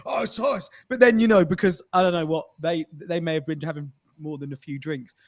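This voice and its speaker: A man's voice: on the high side, fairly even intonation, fairly quick. A man co-hosting a podcast, telling a funny story in casual chat and laughing through it. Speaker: podcast co-host.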